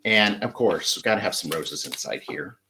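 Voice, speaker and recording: A man's voice: fairly low pitch, lively intonation, moderate pace, sharp tone, a little hiss or hum. Chatty man demonstrating flower arranging. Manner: chatty, enthusiastic, talks while working with hands. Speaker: florist host.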